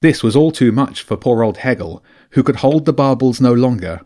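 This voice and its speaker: A man narrating a children's adventure audiobook with a lively, expressive reading. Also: mid-range voice, normal speed. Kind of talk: storybook narration.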